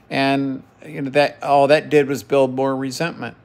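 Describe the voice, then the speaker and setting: A man's voice: medium pitch, little pitch movement, unhurried, vocal fry, few pauses, darkish tone. A middle-aged man venting in an emotional personal monologue to his camera, heated and profane, repeating phrases for emphasis. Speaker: vlogger.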